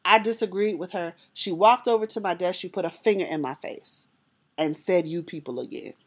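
In a lowish voice at a moderate pace, a woman recounts a personal story to an audience, staying lively and conversational and often turning straight to her listeners.

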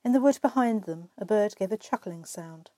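A woman reading a storybook aloud with expressive, measured narration. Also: medium pitch, dry recording. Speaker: reader.

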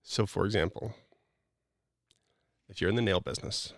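Low, gravelly-voiced man preaching earnestly. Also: normal speed, dry recording, studio quality. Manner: earnest and preachy, many "like" fillers. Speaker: guest. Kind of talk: casual motivational podcast talk.

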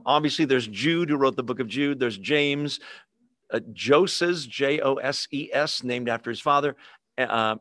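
A man preaching a sermon, animated and teasing, asking rhetorical questions and acting out quotes. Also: medium pitch, no echo, clean studio sound.

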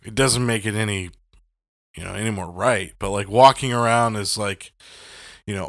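A man's voice: fairly low pitch, normal speed, pauses often, dry recording, clean studio sound. A man in a casual faith chat, talking bluntly and heatedly with lots of swearing and fillers. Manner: blunt, profane and heated, rambling with many fillers.

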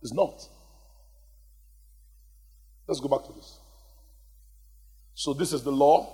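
A man preaching a lively sermon in a church hall, calling out to the congregation for responses. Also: medium pitch, slow, breathy edge. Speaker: pastor. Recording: long hall reverb.

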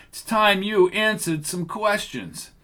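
A man's voice: high-pitched, lively intonation, slow pace, sharp tone, voice pushed up, heavily acted. A man voicing a cocky, self-assured young male agent in an audiobook reading. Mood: threatening.

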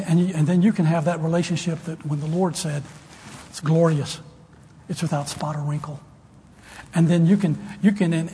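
An older man preaching a sermon to students, folksy and storytelling, rising now and then to loud emphasis. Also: fairly high pitch. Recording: long hall reverb, faint room noise.

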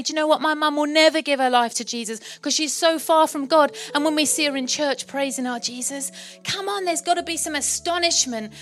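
High-voiced english lady pastor preaching, all fired up, dry sound. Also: fairly bright tone, dry recording. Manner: impassioned, rousing, acts out quoted voices. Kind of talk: sermon.

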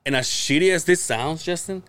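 A man with a fairly high voice speaks at a moderate, smooth pace, with no room sound. He co-hosts a casual podcast, animatedly telling family stories, acting out relatives' quotes, swearing and laughing often.

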